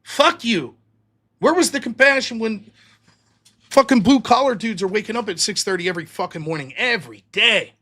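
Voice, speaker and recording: Hosting a casual livestream, a man rants bluntly and heatedly, swearing a lot while reading out viewer donations. His voice is high, brisk, and a bit bright.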